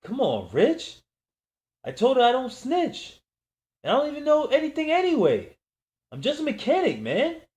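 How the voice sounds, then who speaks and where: Man doing a panicked, shouting young man. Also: very animated, measured pace, long pauses. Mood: pleading. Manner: high-pitched, pleading, shouted. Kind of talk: audiobook reading.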